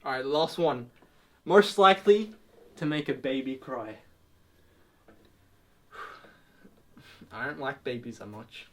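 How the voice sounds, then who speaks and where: A man's voice: medium pitch, slow pace, pauses often. A young man co-hosting a podcast in casual chat, laid-back, laughing often and answering with short agreements. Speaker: podcast co-host.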